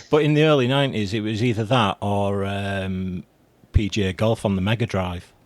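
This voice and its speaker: A man's voice: fairly low pitch, normal speed, no echo. A man co-hosting a podcast, chatting casually in a dry, rambling way and laughing at his own jokes. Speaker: podcast co-host. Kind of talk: casual chat.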